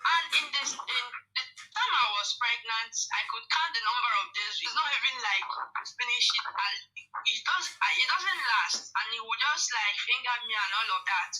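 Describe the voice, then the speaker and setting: A woman's voice: on the high side, animated, normal speed, bright, forceful tone, poor audio. A woman telling her personal story as a caller, earnest and at times tearful.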